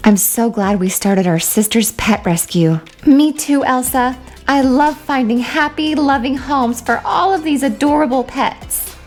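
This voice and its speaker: A woman voicing two cheerful doll sisters who run a toy pet rescue. Their talk is bright and chirpy with shop-counter politeness, set a little high, with faint music underneath. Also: unhurried.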